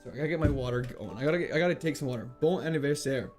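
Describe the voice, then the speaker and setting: A man's voice: mid-range voice, lively intonation, racing, darkish tone, soft background music. A man streaming a video game live, chatting casually and playfully as he reads out chat and laughs often. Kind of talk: casual live gameplay commentary, reading chat.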